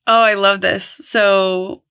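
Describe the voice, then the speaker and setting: Woman, podcast guest, spiritual coach, earnest, casual storytelling, vocal fry. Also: medium pitch, flat delivery, slow pace, a bit bright. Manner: earnest, heavy use of "like".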